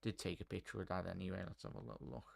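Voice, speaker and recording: A man with a low, gravelly voice talks very fast and animatedly while hosting a live football watchalong. He calls the play and chats with viewers, greeting chat and individual viewers by name.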